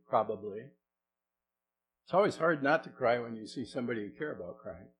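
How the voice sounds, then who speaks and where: A middle-aged man, a pastor, preaching a sermon in a conversational way, asking the congregation questions and moving between soft and loud delivery. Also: medium pitch, noisy background.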